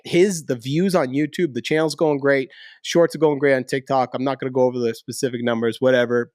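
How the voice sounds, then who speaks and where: A man hosting a podcast in casual, energetic chat, joking and hyping up his co-host. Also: medium pitch, dry recording, studio quality. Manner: energetic, hype, jokey.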